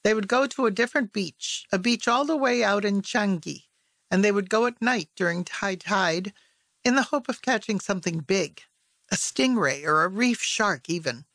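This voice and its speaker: A woman narrating literary fiction as an audiobook, in a measured, even storytelling voice on a close mic. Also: medium pitch, no echo.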